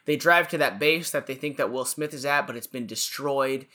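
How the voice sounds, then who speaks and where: A man's voice: medium pitch, normal speed, sharp tone. A man co-hosting a podcast, recapping a movie plot in an easygoing way. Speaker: podcast co-host. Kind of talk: casual movie chat.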